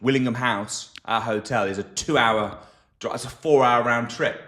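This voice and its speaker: A man's voice: mid-range voice, moderate pace, fairly bright tone. An easygoing Englishman co-hosting a podcast. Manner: conversational, loose and unscripted. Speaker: podcast co-host. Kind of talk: casual chat.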